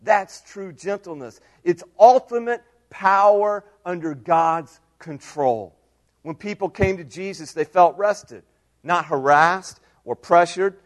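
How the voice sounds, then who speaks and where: A man delivers a sermon in a somewhat high voice. He is earnest and repeats his key points, moving from loud, stressed lines to quiet asides. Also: takes it slowly. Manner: swings between loud emphasis and quiet asides. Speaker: pastor.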